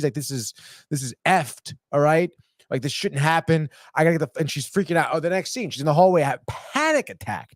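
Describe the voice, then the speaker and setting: A young man with a slightly high voice rattles through a TV recap with loose, excitable energy. He swears freely and keeps saying "dude" as he acts out what the characters say. The sound is dry and close to the mic. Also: no echo. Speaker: podcast host recapping a TV episode. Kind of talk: casual chat.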